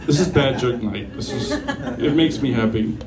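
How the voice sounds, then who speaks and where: A man hosting an open mic comedy night in a small bar tells bad jokes loosely and chuckles, acting out the people in them. His voice is mid-range, animated, and at a normal pace, heard from far off over a noisy live crowd in a roomy recording.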